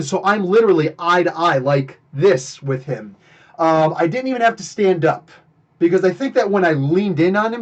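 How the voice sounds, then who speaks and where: A man's voice: fairly high pitch, highs cut off. A man from New Jersey hosting a live comics podcast, telling stories and greeting chat viewers between them. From New Jersey, USA. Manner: animated, talks to chat viewers between anecdotes. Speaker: podcast host. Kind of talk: live stream chat and storytelling. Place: home streaming setup, living in Canada.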